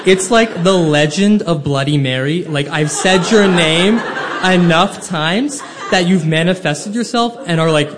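A man telling a personal story live on stage, with comic, self-deprecating and animated delivery. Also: on the high side, measured pace, background noise.

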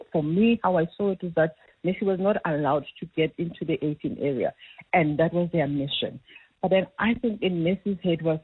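A middle-aged woman calling a radio show, animated and talkative as she tells her story. Her husky voice comes through a thin, tinny phone line. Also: lowish voice, no echo. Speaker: caller. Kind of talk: phone-in chat. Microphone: telephone.

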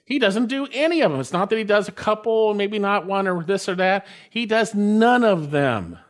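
Emphatic male preacher, slightly high voice. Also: lively intonation, moderate pace. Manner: emphatic, rising on key phrases. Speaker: pastor. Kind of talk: sermon.

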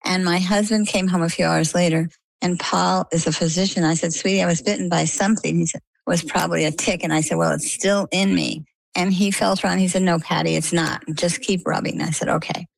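A middle-aged woman from Maine, a guest in an interview, telling her story in a lively, conversational way and acting out the quoted dialogue. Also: lowish voice, fairly quick, creaky, dry recording, rough recording. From Maine, USA.

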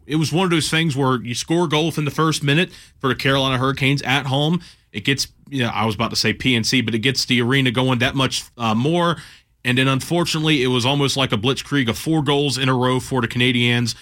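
A man's voice: mid-range voice, a bit bright. A man hosting sports radio talk, introducing a guest and setting up questions conversationally.

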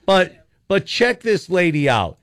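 A man's voice: high-pitched, very animated, a little slow, fairly bright tone, clean tone, dry recording. An older man, a talk radio host, ranting sarcastically and rambling with frequent restarts.

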